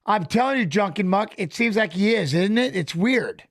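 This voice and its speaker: A man giving casual live commentary on a fight as a watch-along host, animated and coaching the fighters aloud, repeating phrases. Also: high-pitched, moderate pace, no room sound, studio quality.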